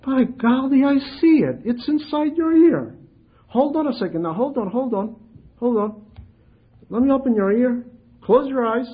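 A man's voice: extremely high pitch, lively intonation, moderate pace, breathy edge, lo-fi sound, pitched above the performer's own voice, exaggerated voice. A man voicing a playful old monk elder who plays along with great mock seriousness. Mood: mock-serious.

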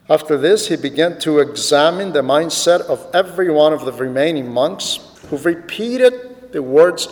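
A man preaching, telling a story dramatically and dropping to hushed, reflective asides. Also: a little high, big-room sound. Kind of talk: sermon storytelling.

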